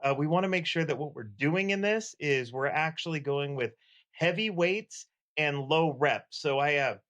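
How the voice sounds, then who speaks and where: A man giving a mock-serious workout demo as a comedy bit, deadpan like a fake coach. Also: fairly high pitch, moderate pace. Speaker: comedy segment presenter.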